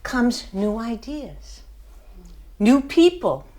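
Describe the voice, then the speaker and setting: A woman's voice: on the high side, big pitch swings, drawn-out words, mellow. An older woman giving a motivational speech to her class, telling a story with emphasis and laughing at herself. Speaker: student speaker.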